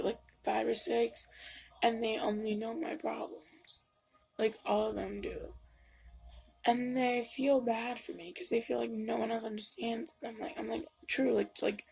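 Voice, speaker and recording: A woman's voice: a little high, vocal fry, a little mellow. A woman vlogging casually at home into her camera mic, rambling with lots of fillers and getting emotional. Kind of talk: casual confessional vlog. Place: home room.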